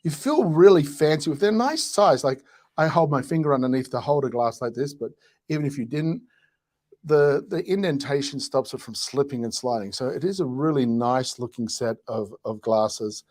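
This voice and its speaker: A man's voice: medium pitch, lively intonation, moderate pace, a little mellow. An Australian man presenting products on a casual live stream, joking, chuckling and rambling through asides.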